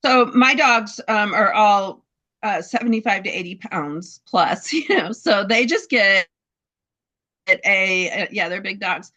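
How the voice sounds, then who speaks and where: A woman telling a heartfelt story about her dogs' health, halting, with many fillers and restarts. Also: medium pitch, lively intonation, pushed and bright. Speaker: dog breeder sharing a testimonial. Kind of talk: casual testimonial in a group talk.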